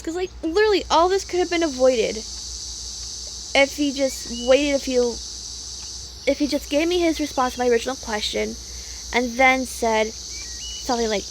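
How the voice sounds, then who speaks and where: A young woman with a high voice vents in a rambling, casual monologue. She sounds upset and swears freely, with lots of fillers. Faint crickets chirp behind her. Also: normal speed, long pauses, slight background noise. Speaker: vlogger.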